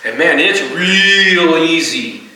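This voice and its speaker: A man's voice: on the high side, expressive, slow pace, pushed and bright. A middle-aged man preaching a sermon as pastor of a church, in a conversational way, often asking the congregation "right?". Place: church sanctuary. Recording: roomy hall, distant mic.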